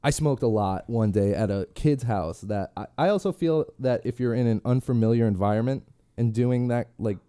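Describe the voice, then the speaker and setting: A man's voice: mid-range voice, normal speed, mellow, smooth, no room sound. A young man chatting casually, laid-back and making dry remarks. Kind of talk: casual chat.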